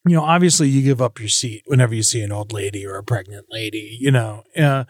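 A man's voice: quick pace, slightly rough, no room sound, studio quality. A man co-hosting a podcast, telling stories in casual chat and acting out quotes in a raised voice. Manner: animated storyteller, acts out quotes in a high voice. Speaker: podcast co-host.

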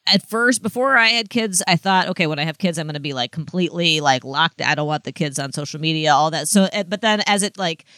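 A woman's voice: deep voice, lively intonation, fast talker, few pauses, a bit bright, dry recording. A woman co-hosting a podcast, chatting casually and rambling with lots of fillers and restarts. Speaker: podcast co-host. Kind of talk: casual gossip chat.

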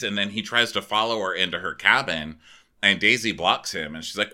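A man's voice: fairly low pitch, moderate pace. A man co-hosting a podcast, recapping a reality show in casual chat and mocking the people he quotes. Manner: animated, mocking quoted voices. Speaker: podcast co-host.

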